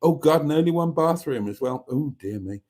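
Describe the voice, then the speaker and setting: A man's voice: a little high, expressive, brisk, a little mellow. A man hosting a live stream, reading out viewer comments with wry, self-mocking asides. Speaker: channel host.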